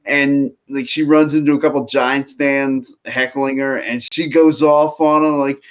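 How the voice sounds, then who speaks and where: Regular guy voice, mid pitch, chatting football and laying out the next topic. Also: unhurried, hardly any pauses. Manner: relaxed, storytelling, steers the topics. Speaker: sports podcast co-host. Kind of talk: casual chat.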